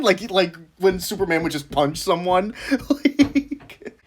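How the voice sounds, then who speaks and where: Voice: mid-range voice, lively intonation, moderate pace. A vlogger chatting casually, rambling with lots of fillers and laughing at their own stories. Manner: heavy fillers like "like" and "um". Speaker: video creator. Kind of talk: casual chat.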